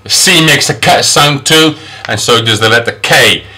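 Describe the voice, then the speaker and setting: A man's voice: normal speed, sharp tone. A man teaching English phonics, sounding out each sound and repeating the example words several times. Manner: pitch jumps up on model words. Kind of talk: phonics lesson.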